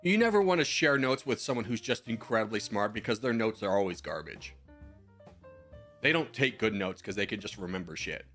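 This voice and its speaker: A man's voice: lowish voice, animated, brisk, a bit bright, faint music behind. A man in his twenties, a streamer in casual chat, giving rambling advice with slang and the odd swear while answering viewer messages.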